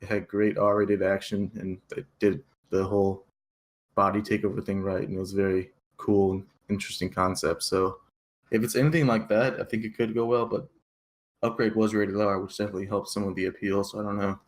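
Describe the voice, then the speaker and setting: A man in casual film chat, giving plain, steady opinions. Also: fairly low pitch, fairly quick. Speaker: podcast co-host.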